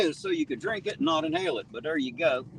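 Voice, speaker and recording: A livestream host on a town street at night after rain reads the chat, jokes, and calls out viewers by name. His somewhat high voice has vocal fry, wildly swooping pitch, and a fairly quick pace. The mic is slightly distant, with faint street noise.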